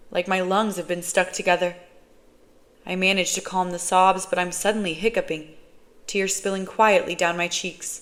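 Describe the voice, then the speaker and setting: Slow, low-voiced woman reading a novel. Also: fairly bright tone. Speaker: audiobook reader. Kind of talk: first-person novel narration.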